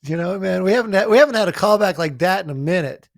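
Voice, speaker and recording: A man co-hosting a podcast in an animated casual chat, laughing often. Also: sits high, quick pace, vocal fry, no room sound, studio quality. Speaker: podcast co-host.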